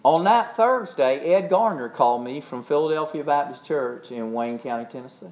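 Animated high-voiced preacher man. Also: muffled recording. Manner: preaching with dramatic swings, shouts and drawn-out emphasis. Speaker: pastor. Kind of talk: sermon.

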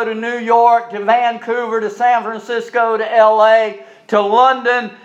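High-voiced preacher telling a dramatic story. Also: male voice. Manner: dramatic storytelling, swinging from loud to hushed. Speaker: pastor. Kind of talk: sermon. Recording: dull lo-fi recording.

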